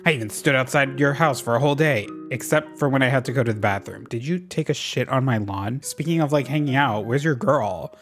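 A man's voice: mid-range voice, brisk, hardly any pauses, fairly bright tone, faint music behind. Sassy young man with game commentary. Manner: sassy, profane, reads villager lines aloud. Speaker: gaming vlogger. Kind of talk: casual gameplay commentary.

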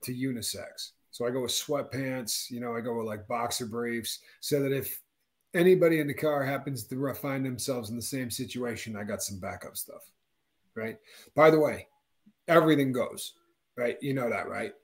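A man in his fifties, co-hosting a casual chat and acting out quotes with big jumps in his voice. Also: normal speed. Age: 50s. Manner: animated storyteller, acts out quotes with big pitch jumps. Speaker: co-host.

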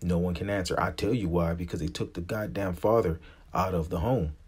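A man's voice: low voice, steady tone, a little fast, a little mellow, slightly rough. A man in his forties from the United States, a vlogger giving a blunt, profane, impassioned opinion rant to camera.

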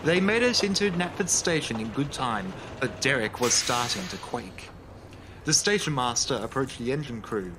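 A man reading a children's railway story as narrator, in a calm, even storybook manner. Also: mid-range voice, moderate pace, noisy background. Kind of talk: scripted narration. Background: music.

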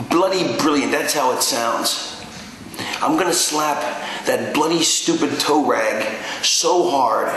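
A man's voice: fairly high pitch, a bit bright. A man cutting a menacing wrestling promo, gloating and drawing out his threats. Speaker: pro wrestler. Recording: very echoey room with faint noise.

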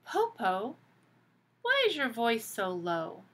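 A woman's voice: on the high side, huge pitch swings, slow, a bit bright, heavily acted. Shang, a woman doing a clever young girl. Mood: questioning.

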